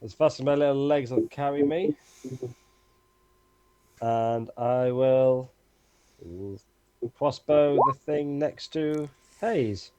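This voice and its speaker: A man's voice: mid-range voice, fairly even intonation, slow, pauses often, darkish tone, clean tone, dry recording, muffled recording. A man describes his character's attacks in a rambling, playful way, often restarting his sentences. The sound is dry and close, with no room around it. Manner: rambling, self-correcting, playful. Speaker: player. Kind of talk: casual tabletop play.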